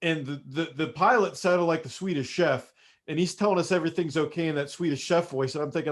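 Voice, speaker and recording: A man's voice: a little high, fast talker. A man hosting a podcast, talking in a casual, friendly way with his guest. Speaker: podcast host. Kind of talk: podcast interview.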